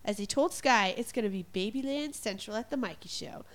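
A woman co-hosting a radio show, chatting casually in a giggly, gushing, animated way. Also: on the high side, brisk.

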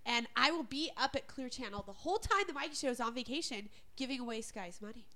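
A woman's voice: a little high, expressive, fast, bright, forceful tone. A woman co-hosting a podcast in casual chat, playfully teasing her co-host and laughing often.

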